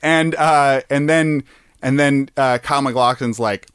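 A man on a podcast chatting casually, retelling a movie plot in a halting, rambling way with lots of fillers. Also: mid-range voice, steady tone, a bit bright, smooth, no room sound, clean studio sound. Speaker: podcast host.

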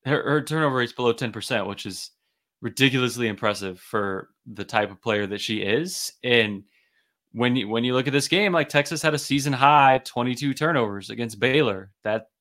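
A man's voice: medium pitch, normal speed, a bit bright. A man co-hosting a casual sports podcast, enthusiastic and analytical, often repeating words as he thinks. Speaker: podcast co-host.

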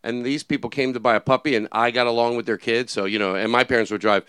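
A man comedian telling a rambling, animated story in casual chat. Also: mid-range voice, fast, smooth, no echo, clean studio sound.

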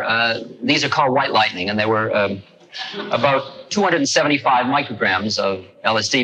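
An older man telling a personal story to an audience, animated and acting out the lines he quotes. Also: on the low side, low-quality recording. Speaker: speaker recounting a personal story. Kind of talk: storytelling talk.

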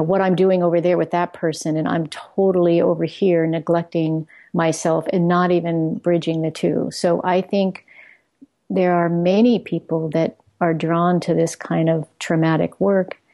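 In a thoughtful conversation, a guest who leads outreach work talks in a mellow, fairly low voice; she is middle-aged. Her speech is earnest and searching, with frequent restarts of phrases until she finds what she means.

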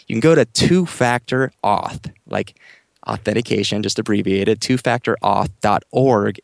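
A man's voice: lowish voice, dry recording. A man co-hosting a podcast, eagerly explaining security tips in casual chat with repeated phrases. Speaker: podcast co-host. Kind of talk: casual tech advice chat.

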